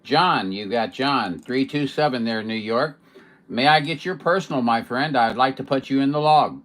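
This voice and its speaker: A man chatting casually on a CB radio from home, in a relaxed, chatty way and somewhat hoarse. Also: mid-range voice, normal speed. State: losing his voice. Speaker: CB radio operator. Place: home radio station in Missouri.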